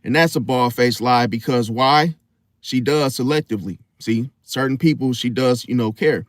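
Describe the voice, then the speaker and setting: A man's voice: mid-range voice, normal speed, dry recording, studio quality. A young man giving a blunt, emphatic casual monologue about astrology, often stopping and restarting. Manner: emphatic, repeats "see?", blunt and profane; stop-start restarts. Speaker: astrology commentator.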